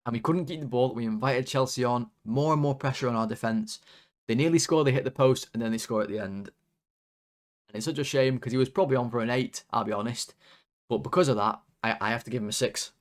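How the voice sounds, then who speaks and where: A man hosts a casual football rant at a medium pitch. He talks animatedly and sounds exasperated, swearing freely. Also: brisk. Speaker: football fan channel host.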